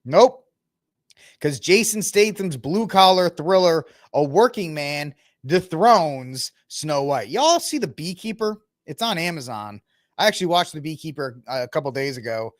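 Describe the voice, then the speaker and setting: Chatty podcast host, dry close sound. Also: male voice, on the high side, animated, moderate pace, no echo. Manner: chatty, rambling, talks to the audience while browsing the web. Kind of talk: casual solo commentary.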